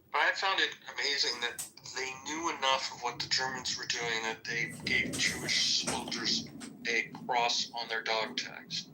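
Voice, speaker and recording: A man's voice: medium pitch, sharp tone, a little hiss or hum. A man chatting casually, rambling and restarting his sentences. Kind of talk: casual chat. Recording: roomy, distant mic.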